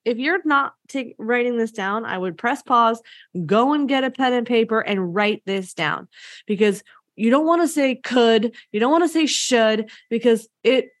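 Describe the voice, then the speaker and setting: A fairly high-voiced woman hosts a solo podcast and coaches listeners through sales calls. She talks in an energetic, conversational way and slips into the voices of clients. The sound is close and dry. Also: no room sound.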